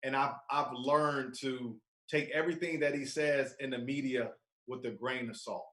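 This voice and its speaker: Laid-back man in an echoey room. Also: mid-range voice. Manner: laid-back, calm, measured. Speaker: podcast co-host. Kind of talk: casual sports talk. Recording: roomy echo.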